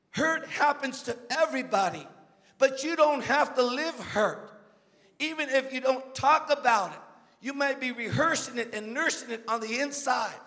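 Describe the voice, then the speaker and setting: High-voiced emphatic preacher in a hall. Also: male voice, sharp tone. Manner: emphatic preaching, calls to the congregation. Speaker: guest preacher. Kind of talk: sermon.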